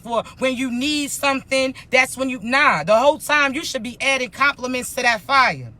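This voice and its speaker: Bright, blunt woman life coach. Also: sits high, normal speed, hardly any pauses. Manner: emphatic, blunt, slangy and profane. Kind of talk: motivational spiritual talk.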